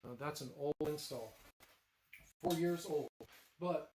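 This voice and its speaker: A man on a casual live stream, talking through his workbench projects in a loose, rambling way full of fillers and restarts. His voice sits a little high for a man, with a faint hiss behind it. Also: takes it slowly, a little mellow, rough recording. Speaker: lightsaber builder hosting a live stream. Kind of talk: casual live-stream chat while demonstrating.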